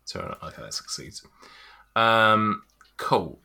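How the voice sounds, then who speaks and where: A man's voice: fairly low pitch, sing-song, slow pace, creaky, bright, forceful tone, smooth. A man running a tabletop game as game master, describing scenes with many ums and restarts. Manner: rambling, hesitant descriptions full of ums.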